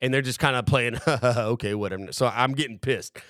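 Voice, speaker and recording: A young man spins a long, profane anecdote in a loose, rambling way. His voice sits at an ordinary middle pitch. The room sounds dry and close. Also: brisk, no room sound. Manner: profane, rambling, animated storyteller. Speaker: podcast host. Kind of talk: casual storytelling.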